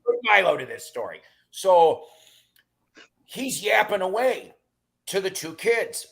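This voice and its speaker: A man's voice: high-pitched, takes it slowly, vocal fry. A middle-aged man rambling through casual stories in a chat, with lots of fillers and restarts. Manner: rambling and animated, with many fillers.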